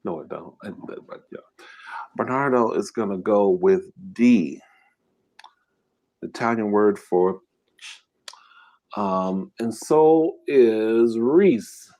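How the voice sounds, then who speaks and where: A man's voice: fairly low pitch, expressive, takes it slowly, pauses often, mellow, lo-fi sound. Casual man hosting a live trivia game. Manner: reads quiz questions aloud and banters with chat, casual slangy talk. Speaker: mukbang host running a live trivia game. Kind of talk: casual live-stream chat.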